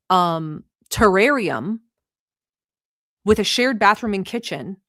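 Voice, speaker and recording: A woman's voice: mid-range voice, dry recording. Brief: woman from the Middle East, livestream commentator, sarcastic and profane, dry close sound. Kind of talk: heated reaction commentary.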